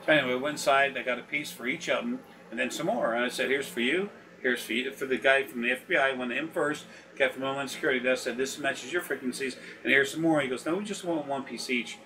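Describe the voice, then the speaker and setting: Speaking quickly with hardly any pauses, this man's mid-range voice sounds pushed and bright as he rambles through profane stories on a recorded consultation. He laughs a lot and performs the voices of people he quotes, all in a casual storytelling mode. Faint background noise comes through a distant microphone.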